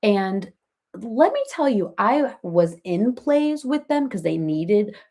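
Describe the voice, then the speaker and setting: A woman's voice: medium pitch, big pitch swings, slow pace, mellow, full character voice. A woman doing a comic impression of a chatty reality-TV mom, rambling through gossip and family stories on a live stream and laughing as she talks. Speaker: comedian doing a parody live chat.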